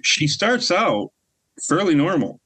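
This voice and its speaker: A man's voice: fairly high pitch, big pitch swings, takes it slowly, pushed and bright, slightly rough, poor audio. A man co-hosting a casual podcast, reflecting at length on writing his series and often restarting his sentences. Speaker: series writer and podcast co-host.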